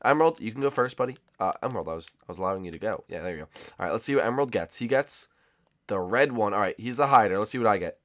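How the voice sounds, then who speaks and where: A young man giving casual, excitable let's-play commentary as a gaming YouTuber, swinging from loud shouts to low muttering. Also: racing.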